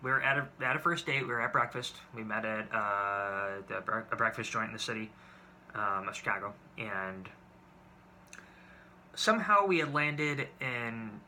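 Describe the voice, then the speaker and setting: A man's voice: on the low side, moderate pace, bright, forceful tone, slight background noise. A man in his twenties telling date stories to camera in a casual, exasperated and profane way, rambling with restarts. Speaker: vlogger.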